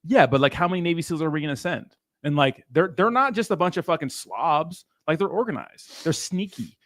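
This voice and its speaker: A man's voice: fairly high pitch, lively intonation, fairly quick, fairly bright tone, no room sound, clean studio sound. A man from San Diego co-hosting a casual livestream chat, blunt and profane in his opinions. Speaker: livestream co-host.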